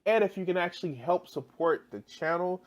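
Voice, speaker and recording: A man's voice: sits high, animated, a little fast. A man ranting in a reaction video, exasperated and heavily profane, often restarting mid-sentence. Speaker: video commentator.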